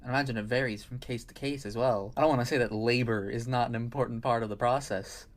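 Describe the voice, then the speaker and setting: A man's voice: medium pitch, fairly even intonation, fast. Dry sarcastic man commenting. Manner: dry, sarcastic, rambling asides. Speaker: video essay critic.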